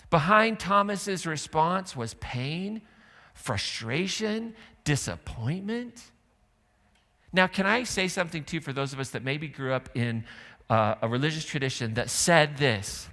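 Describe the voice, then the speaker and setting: A man preaches to his congregation with a bright, forward tone that rides a little above the usual male pitch. He talks loosely and conversationally, tossing in asides and questions to the room as he tells the story. The sanctuary adds a long, ringing reverb to every phrase. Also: animated, measured pace. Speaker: pastor. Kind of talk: sermon. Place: church sanctuary.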